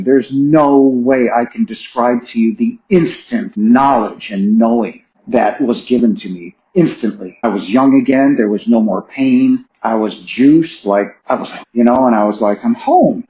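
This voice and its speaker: A man's voice: mid-range voice, dark tone, slight background noise. A middle-aged man speaks as a podcast guest, sharing a personal story with earnest emotion and insistent repetition. His voice sits in an ordinary middle register. The recording is echoey, with a slightly dull, narrowed tone. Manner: earnest and emotional, repeating phrases for emphasis. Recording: roomy, slightly dull sound.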